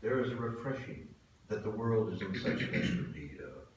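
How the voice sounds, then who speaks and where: A man in his seventies, a pastor delivering a sermon, telling stories earnestly and swinging between soft and loud. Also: fairly low pitch, expressive, normal speed, distant mic. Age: 70s. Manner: earnest storytelling, swelling and dropping in volume. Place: church sanctuary. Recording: very echoey hall from afar, faint hiss.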